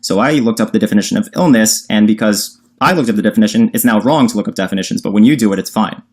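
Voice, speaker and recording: A man's voice: on the low side, racing, darkish tone. A man on a livestream call arguing insistently, reading definitions aloud and cutting in. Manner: insistent, reads definitions aloud, talks over the other person. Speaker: livestream debater. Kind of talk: heated livestream argument.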